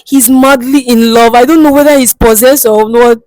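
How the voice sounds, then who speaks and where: A woman's voice: fairly high pitch, steady tone, normal speed, a little mellow, dry recording, close to an everyday voice, low-quality recording. A woman acting a distraught young woman in a comedy skit, crying and pleading for help, repeating herself. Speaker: guest seeking help. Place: studio.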